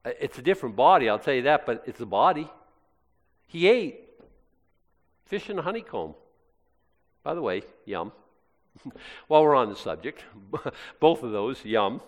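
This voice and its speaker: A man preaching with a lively, swinging voice and playful, jokey asides. His voice carries through a big hall with a long, trailing echo. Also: medium pitch, unhurried, pauses often. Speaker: pastor. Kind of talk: sermon.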